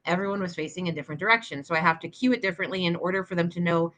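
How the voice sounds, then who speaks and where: A woman's voice: on the low side, fairly even intonation, very fast, fairly bright tone. A woman who teaches yoga, co-hosting a podcast in casual chat, talking emphatically and swearing for emphasis.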